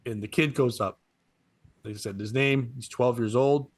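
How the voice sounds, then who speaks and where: A man in his forties, a comedian guest, telling a story in casual podcast chat, getting excited and laughing through it. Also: medium pitch, unhurried, no echo. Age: 40s.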